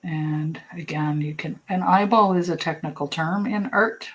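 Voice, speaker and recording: Low-voiced, chatty woman teaching painting. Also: a little slow, fairly bright tone, poor audio. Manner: chatty and rambling, with many fillers and asides; reassuring, encouraging. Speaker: painting instructor. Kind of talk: casual live-stream painting lesson.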